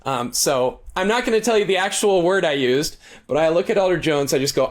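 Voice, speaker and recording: Man, guest on an interview, casual storytelling, animated, rambling asides, slightly high voice. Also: brisk, few pauses. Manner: animated, acts out quoted lines with shifting pitch; talkative, frequent restarts and asides. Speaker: guest author.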